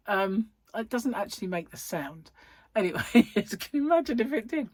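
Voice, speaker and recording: A woman's voice: mid-range voice, lively intonation, brisk, a little mellow, dry recording. A middle-aged woman chatting casually to camera, rambling and giggly as she tells stories, tired and yawning. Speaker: vlogger.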